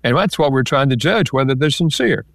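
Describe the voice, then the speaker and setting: A man's voice: medium pitch, expressive, a little fast, creaky, fairly bright tone, dry recording, clean studio sound. An older man, an author and marriage counselor, answering interview questions and acting out example phrases as he explains. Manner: explains in numbered lists with acted-out example quotes.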